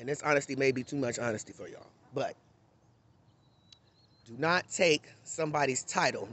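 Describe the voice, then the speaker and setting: A man's voice: medium pitch, moderate pace, long pauses, fairly bright tone, dry recording. A man giving an unscripted, blunt and impassioned monologue to camera in a candid, conversational tone. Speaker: vlogger.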